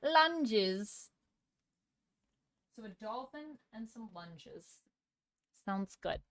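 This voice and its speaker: A woman's voice: mid-range voice, lively intonation, slow pace, darkish tone, no echo. A woman chats on a live stream in a mid-range voice, upbeat and playful, laughing often as she thanks viewers and reads their messages aloud. She moves around while doing exercises. The sound is dry and close. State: moving around during exercise. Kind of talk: casual live-stream chat.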